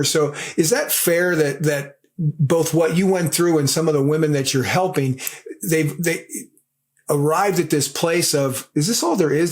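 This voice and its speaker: A man co-hosting a podcast, asking a guest thoughtful questions while searching for his words. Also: fairly high pitch. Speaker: podcast co-host. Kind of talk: interview questions.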